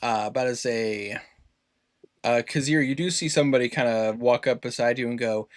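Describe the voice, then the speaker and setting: A man running a tabletop game as game master, narrating the scene in an animated way. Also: medium pitch, normal speed. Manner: animated, lively narration with put-on townsfolk voices.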